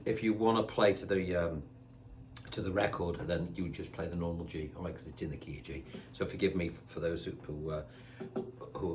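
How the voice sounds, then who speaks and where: A man's voice: deep voice, a little hiss or hum. An older man giving a chatty beginner guitar lesson, counting beats aloud as he strums his own guitar. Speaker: guitar teacher. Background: his own acoustic guitar strumming.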